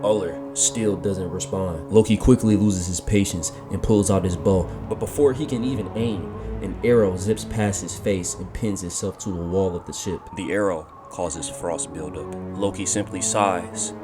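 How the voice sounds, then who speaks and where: A man reading a scripted fan-fiction story, calling out the action beat by beat in steady narration. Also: low-pitched, moderate pace, few pauses. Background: background music.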